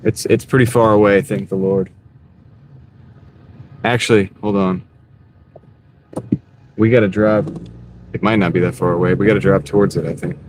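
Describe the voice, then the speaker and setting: A man chatting casually on a live stream while he drives deliveries, greeting viewers by name in a relaxed, rambling way. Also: sits low, normal speed, pauses often. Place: inside a moving car. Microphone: wireless clip-on mic. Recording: clear car road noise. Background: car and road noise.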